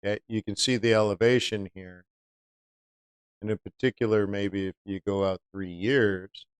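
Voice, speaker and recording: A man's voice: lowish voice, little pitch movement, normal speed, clean tone, dry recording. A man hosting a live-stream trading lesson, chatty, often asking viewers rhetorical questions. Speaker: trading educator.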